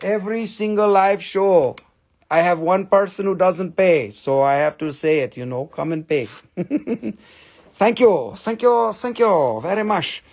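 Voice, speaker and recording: A man with a high voice and a gravelly edge hosts a live stone sale, bantering and calling prices. His phrasing runs a little broken, and he keeps up a running stream of teasing jokes. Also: lively intonation, a little slow, darkish tone. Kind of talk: live sales stream chat.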